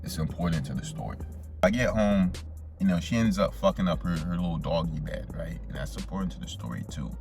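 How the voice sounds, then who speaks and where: A man's voice: deep voice, fairly quick, darkish tone, faint music behind. A young man casually telling a profane, slangy story straight to his viewers as a vlogger.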